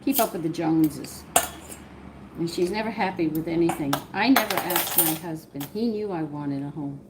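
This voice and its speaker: A woman's voice: deep voice, normal speed, very noisy. A woman with a Southern US accent hosting a casual home cooking live stream, wandering off into personal stories as she cooks. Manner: rambling, drifts into personal stories while cooking. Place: home kitchen. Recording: kitchen clatter of dishes and cutlery.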